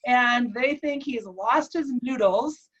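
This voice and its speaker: A woman telling an emotional personal story, animated and acting out the dialogue. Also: fairly high pitch, takes it slowly, husky, dull audio. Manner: animated, acts out quoted dialogue.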